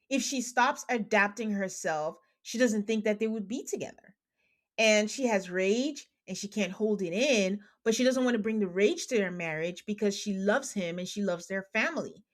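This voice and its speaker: A woman podcast host recapping a reality show in casual chat, animated and exasperated, acting out quotes. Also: mid-range voice, moderate pace.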